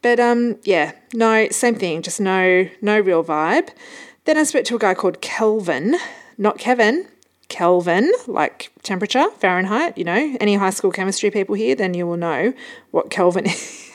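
A woman's voice: medium pitch, animated, normal speed. A woman hosting her own podcast, telling stories in a casual, chatty way and laughing often. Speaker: podcast host. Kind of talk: casual solo podcast chat.

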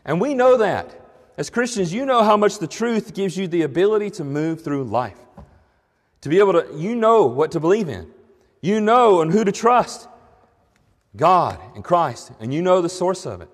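A man preaching a sermon as pastor, speaking earnestly and slowing down to read scripture with emphasis. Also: high-pitched, very animated, long reverb tail. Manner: earnest preaching, slows and rises when reading scripture.

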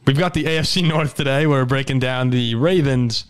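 A man's voice: medium pitch, moderate pace, clear, resonant tone. A man hosting a casual sports podcast, steering the talk and asking viewers for likes and comments. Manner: upbeat, steers the show and asks for likes and comments. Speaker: podcast host.

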